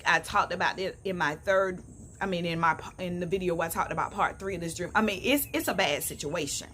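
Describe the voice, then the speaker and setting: A woman's voice: mid-range voice, a bit bright, a little hiss or hum. A middle-aged woman sharing a personal faith testimony on a phone camera outdoors, earnest and conversational, often calling her viewers "y'all". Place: outdoors on a sunny morning.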